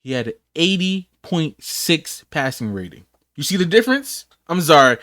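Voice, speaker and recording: A man's voice: fairly high pitch, big pitch swings, moderate pace, fairly bright tone, no room sound, clean studio sound. A man doing a sports reaction rant, rattling off stats with whoops and rhetorical questions.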